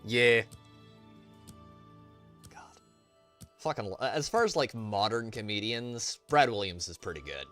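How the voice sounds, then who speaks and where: Gaming host, male, meandering and foul-mouthed, low voice that swings widely. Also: animated, measured pace, long pauses, fairly bright tone, soft background music. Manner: rambling, profane, self-interrupting. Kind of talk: casual let's-play commentary.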